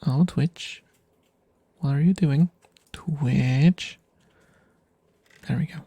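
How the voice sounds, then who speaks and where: A man chats softly and ramblingly to his stream audience, self-deprecating and often drifting down into whispers. His voice is mellow and husky, with a gravelly edge, and it sits close to the microphone in a dry, dead room. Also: a little high, very slow, no echo. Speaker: ASMR streamer. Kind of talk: soft rambling ASMR chat.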